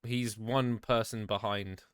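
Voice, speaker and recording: A man running a tabletop game as game master, narrating and calling rolls in a relaxed way. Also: on the low side, measured pace, smooth.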